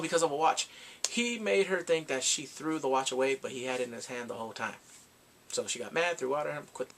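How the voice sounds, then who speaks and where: A man giving a rambling, excitable casual recap of a TV drama, reacting with gasps and quoted asides. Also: mid-range voice, a little hiss or hum. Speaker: drama reviewer.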